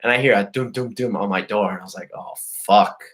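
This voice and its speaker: A man's voice: fairly low pitch, quick pace, fairly bright tone. Profane, boastful man telling a story. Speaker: host. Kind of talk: casual storytelling to a live chat.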